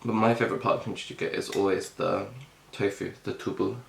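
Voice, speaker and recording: A man's voice: low voice, steady tone, fast, gravelly, a little hiss or hum. A young man chatting casually on a mukbang video as he eats, rambling with plenty of fillers and talking with his mouth full. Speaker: mukbang vlogger. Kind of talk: casual chat while eating. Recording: echoey room.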